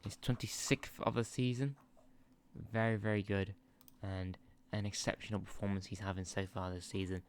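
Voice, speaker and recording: Speaking at normal speed in a steady, lowish voice, this gaming channel host is recorded with a little hiss or hum. He gives relaxed, talkative commentary on a football management game, easily distracted, laughing and swearing into a sensitive desk microphone.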